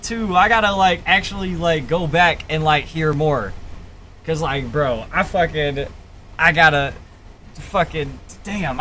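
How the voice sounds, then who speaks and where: A young man hosting a live music review stream, talking in an excitable, profane, rambling way full of fillers. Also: a little high, a little hiss or hum. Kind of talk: casual live-stream commentary. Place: home streaming setup, wearing headphones.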